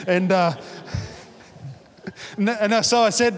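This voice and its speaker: A man's voice: high-pitched, normal speed, long pauses. Pastor in his forties preaching. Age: 40s. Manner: conversational storytelling, rising to emphatic declarations. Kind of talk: sermon. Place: church auditorium. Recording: reverberant church hall.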